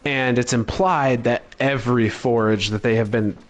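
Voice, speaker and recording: A man co-hosting a casual podcast, calmly summarizing game lore with frequent fillers. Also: medium pitch, measured pace. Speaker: podcast co-host.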